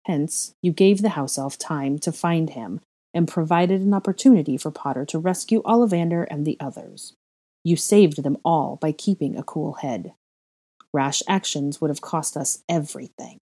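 A woman's voice: normal speed, dark tone, slightly rough. A woman reading aloud voices a grave, protective male headmaster who speaks in terse, clipped lines. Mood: stern. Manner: clipped, terse, low intoning.

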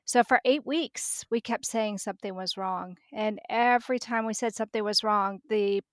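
A woman's voice: medium pitch, moderate pace, no room sound, clean studio sound. A middle-aged woman, a podcast guest, telling a personal story vividly and acting out the dialogue.

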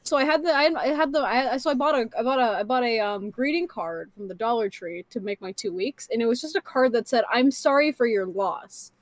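Young woman podcaster rambling thru a story, kinda high voice, dry close mic. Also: brisk, hardly any pauses, dry recording. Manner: rambling storytelling, frequent "like" and restarts, acts out quotes. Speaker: podcast co-host. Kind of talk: casual chat.

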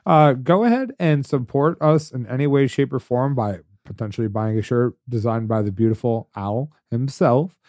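A man co-hosting a podcast in casual chat, swearing freely and breaking into animated, high-pitched rants. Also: normal speed, hardly any pauses, dry recording. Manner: profane, animated rants with sudden high bursts. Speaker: podcast co-host.

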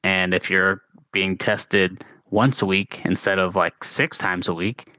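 Low-voiced man arguing sports, dry. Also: fairly even intonation, unhurried, sharp tone, no echo. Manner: argumentative, rising to emphatic. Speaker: podcast co-host. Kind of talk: casual sports chat.

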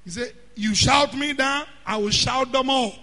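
A man preaching a sermon, often shouting and drawing out words. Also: very high-pitched, unhurried. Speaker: pastor. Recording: hall reverb.

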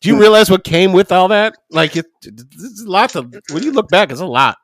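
Lively high-pitched man telling stories. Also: moderate pace, dry recording, studio quality. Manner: animated storyteller, swears a lot, laughs at his own stories. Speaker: podcast co-host or guest. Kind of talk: casual podcast chat.

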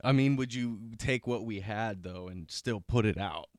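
Low-voiced young man, playful and rambling. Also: normal speed, a little mellow, no echo, clean studio sound. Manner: playful, rambling, repeats words in bursts. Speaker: podcast co-host. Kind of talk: casual chat. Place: small home podcast studio.

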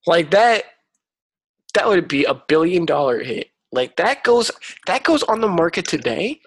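A man's voice: on the high side, very animated, measured pace, fairly bright tone, no echo. A man co-hosting a podcast in casual chat, joking and ranting with lots of "like". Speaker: podcast co-host.

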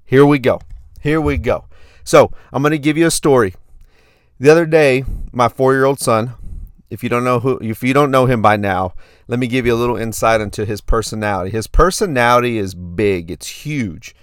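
A man's voice: medium pitch, normal speed, smooth, dry recording, clean studio sound. A man in his thirties hosting a fitness podcast, telling a story in a hyped, repetitive way. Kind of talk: casual podcast monologue.

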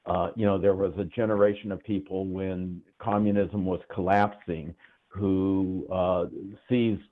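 A man's voice: deep voice, measured pace. An older man, a guest economist, talking casually in an interview with many fillers over a remote call. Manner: relaxed, rambling with many fillers. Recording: tinny phone-like line.

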